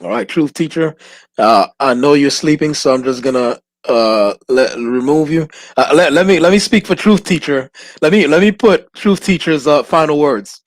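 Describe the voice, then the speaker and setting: Brief: man, livestream host, emphatic and preachy, fairly high voice, dry close sound. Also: lively intonation, moderate pace, no room sound. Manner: emphatic, preachy, repeats "okay?" often; restarts and stumbles, raises voice to a shout for emphasis. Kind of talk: casual commentary monologue.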